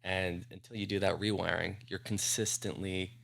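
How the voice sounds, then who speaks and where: A man's voice: sits low, level tone, normal speed, vocal fry, fairly bright tone. A man co-hosting a podcast who speaks in a blunt, plain-spoken way. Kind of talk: casual podcast conversation.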